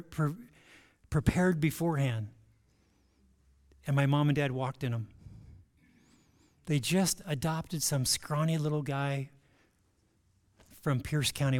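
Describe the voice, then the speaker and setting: A man who is a pastor, telling a personal story in a sermon and then leading a closing prayer, lively, with repeated words and restarts. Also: fairly high pitch.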